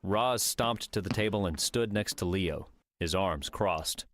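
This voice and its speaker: A man narrates an audiobook in a steady, even reading. His voice is very low. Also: unhurried, a little hiss or hum. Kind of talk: scripted narration.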